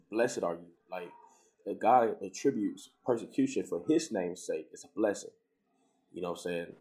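A man with a fairly low voice tells a story in relaxed, casual conversation. He slips into lively, higher voices whenever he quotes someone. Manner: storytelling, animated when quoting others.

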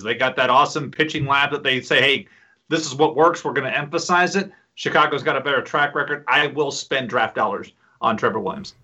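A man's voice: medium pitch, bright, forceful tone. A man guesting on a podcast, telling self-deprecating anecdotes in a casual chat.

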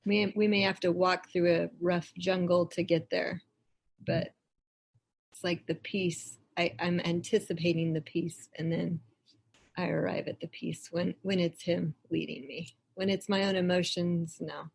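A woman on a church teaching team speaking calmly and gently on a video call. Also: fairly low pitch, unhurried, creaky, slightly rough. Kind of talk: casual discussion on a video call.

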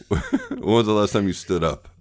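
A man's voice: lowish voice, wildly swooping pitch, a little slow. A man co-hosting a podcast over a video call, rambling and teasing in casual chat. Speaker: podcast co-host.

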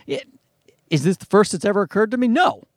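A man's voice: high voice, expressive, brisk, no echo, clean studio sound. A man in his thirties, a comedian hosting his own podcast alone, rambling and self-mocking, swearing freely and restarting his sentences. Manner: rambling, self-deprecating, profane, with frequent restarts. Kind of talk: casual solo podcast monologue. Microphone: podcast microphone, dry close sound.

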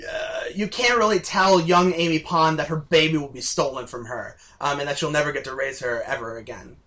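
A man's voice: fairly high pitch, fairly quick, bright, forceful tone. A man co-hosting a fan podcast, talking casually and working himself into a heated, swearing rant. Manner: heated, ranting, swears freely. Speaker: podcast co-host.

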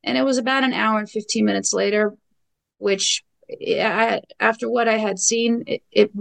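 On a low-quality podcast recording, a gravelly-voiced, middle-aged New Yorker tells her own story as a guest, speaking at normal speed. Her tone is fairly bright and her intonation fairly even, her pitch mid-range, and she's blunt and emphatic, relying on repetition and fillers.

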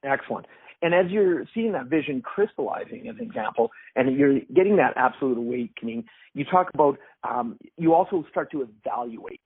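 A man's voice: mid-range voice, lively intonation, fairly quick, breathy edge, no echo. A man hosting an interview, enthusiastically summing up points and asking questions. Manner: enthusiastic, sums up and poses questions. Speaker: host. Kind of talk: casual interview talk. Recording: tinny phone-line sound.

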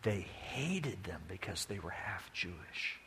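A man's voice: low voice, sing-song, slow pace, pushed and bright, slight background noise. A man preaching a sermon as a folksy, joking storyteller, with long hall reverb behind him.

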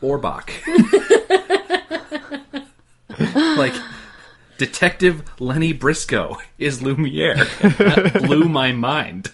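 A man in a casual film discussion, jokey and full of quick asides. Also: fairly high pitch, sing-song, breathy edge. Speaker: podcast co-host.

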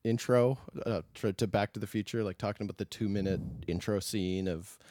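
A man hosting a casual movie podcast, chatting in a relaxed, rambling way with friends. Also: lowish voice, brisk, no room sound, clean studio sound. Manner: shouty over-the-top hype intro, then relaxed chatty rambling. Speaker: podcast host.

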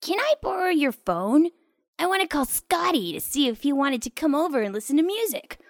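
A woman's voice: sits high, big pitch swings, dry recording, studio quality. A woman voicing a spirited young girl who plays guitar in a children's audio drama, upbeat and playful. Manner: upbeat and playful, drawn-out delivery.

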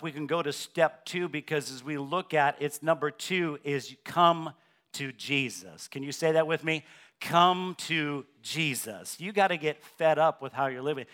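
A man with a fairly high voice preaches a sermon as pastor in a church. He asks his listeners questions and builds to loud, emphatic repeated phrases. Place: church sanctuary.

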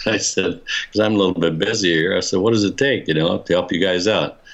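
An older man with a very deep voice tells a personal story in a relaxed, rambling way. He restarts his sentences often and chuckles as he goes. The recording sounds dull and lo-fi. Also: brisk. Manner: rambling, many restarts, chuckles while telling. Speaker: interviewee. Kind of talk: casual storytelling.

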